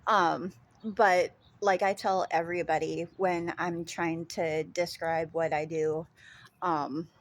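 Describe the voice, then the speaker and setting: Slow-talking woman with a Minnesota accent. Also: on the low side, flat delivery. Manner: rambling with frequent ums, casual swearing. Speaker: vlogger. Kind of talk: casual chat.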